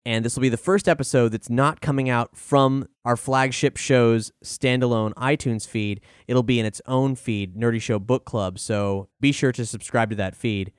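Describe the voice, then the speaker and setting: A man's voice: mid-range voice, normal speed, hardly any pauses, smooth, no echo, clean studio sound. A man hosting a podcast, chatting casually as he introduces a song and wraps up the episode. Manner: relaxed, chatty recommendations with fillers. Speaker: podcast host.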